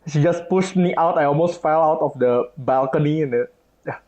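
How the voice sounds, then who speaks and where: A young man hosts a podcast, telling stories in an animated way and laughing often. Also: fairly high pitch, normal speed. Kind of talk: casual chat.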